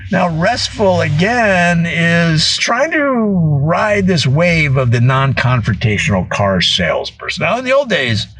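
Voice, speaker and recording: A man telling a comedic monologue, animated and full of voiced asides. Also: a little high, measured pace, few pauses, slightly rough, poor audio.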